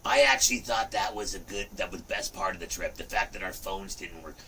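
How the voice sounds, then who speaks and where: Rambling man in his fifties, bright voice. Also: deep voice, fairly quick, distant mic, slight background noise, rough recording. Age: 50s. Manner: rambling, animated, repeats "look" and "you know". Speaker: livestream host. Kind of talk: casual rambling livestream chat.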